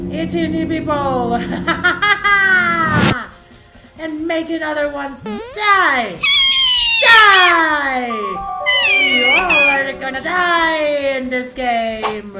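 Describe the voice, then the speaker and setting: A woman voicing a gleeful, hungry cat monster in a playful game role-play, giggling, meowing and taunting. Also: high voice. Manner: giggly, meows between lines, taunting. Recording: echoey room with loud game music.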